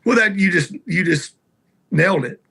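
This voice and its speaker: A man's voice: sits high, animated, moderate pace, vocal fry, bright, forceful tone, husky. A man with a Southern accent, a guest musician telling rambling, salty anecdotes in a casual interview. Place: garage.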